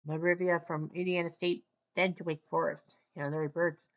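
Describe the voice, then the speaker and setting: A woman's voice: on the low side, muffled recording. A woman from Canada calling a basketball video game in casual solo play-by-play, with clipped calls and wry asides. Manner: clipped, rapid calls, wry asides, rising excitement near the end. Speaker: play-by-play commentator.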